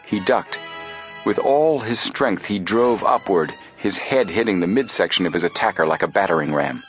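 A man narrating an adventure audiobook in a steady, measured storytelling voice. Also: deep voice, soft background music. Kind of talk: scripted narration.

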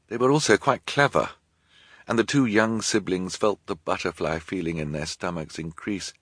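A man narrating an audiobook in a dry, measured storytelling manner. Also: low voice, a bit bright, no room sound.

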